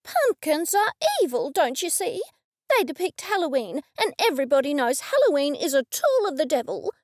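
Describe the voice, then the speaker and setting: Woman putting on a shrill, whiny neighbour lady. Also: very animated, moderate pace, no echo, clean studio sound. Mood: complaining. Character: fussy complaining older female neighbour.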